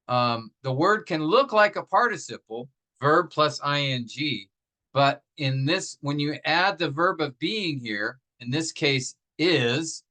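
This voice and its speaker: A man's voice: mid-range voice, bright, forceful tone, poor audio. A man teaching a grammar lesson, explaining patiently step by step and asking his class rhetorical questions. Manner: many fillers and restarts, slows down to stress example phrases.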